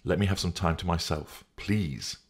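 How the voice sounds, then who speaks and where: A man's voice: low voice, moderate pace, breathy edge. A man voicing an irritated, overwhelmed young mother who pushes her lover away, in an audiobook reading. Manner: curt, exasperated, impatient.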